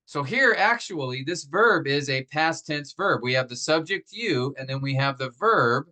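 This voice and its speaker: Bright-voiced man teaching a patient lesson. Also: on the high side, lively intonation, low-quality recording. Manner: patient, explains step by step with rhetorical questions; many fillers and restarts, slows down to stress example phrases. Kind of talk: classroom grammar lesson.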